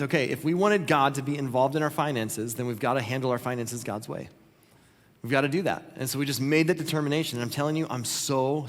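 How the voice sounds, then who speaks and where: A pastor preaching a sermon, earnest and conversational, acting out quoted prayers along the way. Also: male voice, mid-range voice. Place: church auditorium. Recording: long reverb of a church hall.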